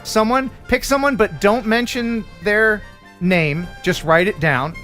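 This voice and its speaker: A man's voice: high-pitched, unhurried, sharp tone, faint music behind. A man hosting a live stream, upbeat and jokey, running a game for his guests. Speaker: host. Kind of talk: casual live-stream chat.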